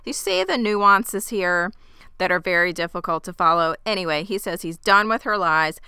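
Bright, crisp-voiced woman recapping chattily. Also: fairly low pitch, moderate pace, no room sound, clean studio sound. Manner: animated, acts out characters' lines, laughs often. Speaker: podcast co-host recapping a game. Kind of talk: casual chat recap.

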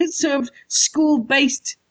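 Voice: high-pitched, fairly even intonation, very slow. A podcast co-host, chatting casually, laughing often and riffing sarcastically. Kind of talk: casual comedic chat.

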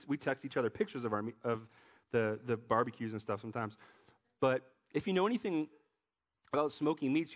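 A man giving a sermon as a pastor, talking in a loose, joking way with many restarts. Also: medium pitch.

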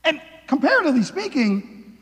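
A man's voice: very high-pitched, sing-song, moderate pace, fairly bright tone. A male preacher giving an informal, conversational sermon, thinking aloud with restarts and sudden bursts of emphasis. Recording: long hall reverb.

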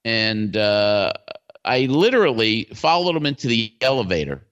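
A man in his sixties, a guest in an interview, telling stories in a lively way with many fillers and restarts. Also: fairly low pitch, moderate pace, clean tone. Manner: animated storyteller, full of fillers and restarts. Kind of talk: casual storytelling interview. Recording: dull lo-fi sound.

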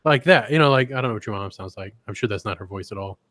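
A man's voice: fairly low pitch, animated, fast talker, a bit bright, no echo. A man co-hosting a comedy podcast, rambling and crude in casual chat, often breaking into giggles. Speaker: podcast co-host.

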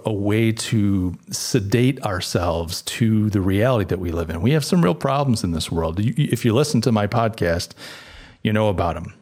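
A man's voice: lowish voice, vocal fry, a little mellow. A middle-aged man hosting a podcast, talking through his thoughts in a casual, reflective monologue with frequent fillers and restarts. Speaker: podcast host.

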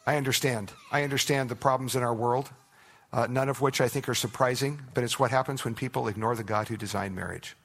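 Gravelly-voiced man preaching earnestly. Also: mid-range voice, steady tone, fairly quick. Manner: earnest, conversational preaching with soft, hushed prayerful asides. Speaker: pastor. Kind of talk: sermon.

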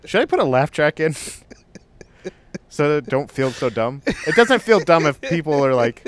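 A man's voice: on the high side, sing-song, moderate pace. A young man co-hosting a podcast in casual, joking chat, often putting on silly voices. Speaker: podcast co-host.

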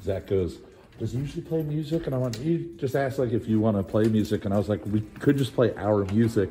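A man's voice: fairly low pitch, a little fast, warm tone. A man hosting a video, chatting in a joking, rambling way while in a car. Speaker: vlog host. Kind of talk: casual vlog chat. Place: inside a car.

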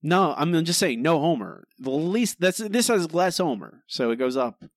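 A man co-hosts a podcast, chatting casually and handing out sardonic verdicts on an episode. His voice is on the high side and animated, moving at a normal speed, with no room sound in the recording.

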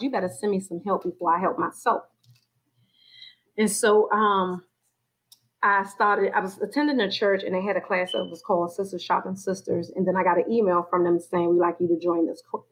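A woman's voice: mid-range voice, steady tone, normal speed, fairly bright tone, rough recording. A woman sharing a personal faith testimony in conversation, acting out her own inner voices as she tells it. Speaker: guest sharing her story.

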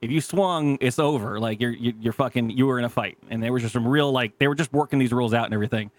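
A man's voice: mid-range voice, quick pace, no echo. A man in his thirties co-hosting a podcast, telling profane stories in casual chat, acting out quotes and laughing often. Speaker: podcast co-host.

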